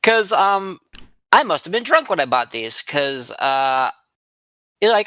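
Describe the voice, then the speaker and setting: Podcast co-host, bright sharp tone, swooping lively pitch, animated giggly storytelling. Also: slow, creaky, dry recording. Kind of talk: casual chat.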